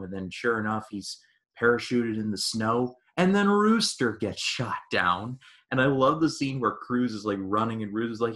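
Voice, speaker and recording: Male podcast co-host, lowish bright voice, excitable casual film talk. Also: moderate pace. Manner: excited, acts out quotes with many restarts. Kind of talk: casual movie review chat.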